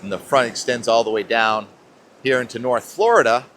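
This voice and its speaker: A man's voice: mid-range voice, normal speed, a bit bright, a little hiss or hum. Chatty man forecasting outdoors. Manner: chatty, rambling, thinking aloud. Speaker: weather vlog host. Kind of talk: casual weather talk. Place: outdoors on a beach. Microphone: clip-on mic.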